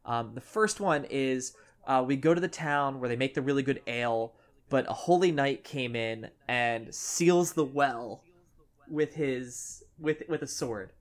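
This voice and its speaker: A woman's voice: very deep voice, a little slow. A woman co-hosting a casual podcast chat, animatedly retelling scenes and swearing casually. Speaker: podcast co-host.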